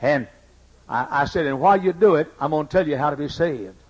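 Older preacher, husky voice. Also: male voice, a little high, a little fast, highs cut off. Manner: emphatic preaching, repeats key lines, folksy asides. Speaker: pastor. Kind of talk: sermon with personal stories. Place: church sanctuary.

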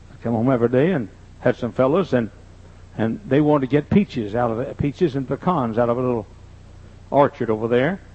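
An older pastor with a mid-range, slightly mellow voice weaves folksy, joking stories into his sermon. The sermon recording sounds dull and lo-fi.

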